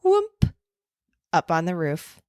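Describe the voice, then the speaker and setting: A woman's voice: fairly low pitch, huge pitch swings, slow, darkish tone, no room sound, clean studio sound. A woman co-hosting a podcast in casual chat, rambling and jokey, and she swears casually. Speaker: podcast co-host.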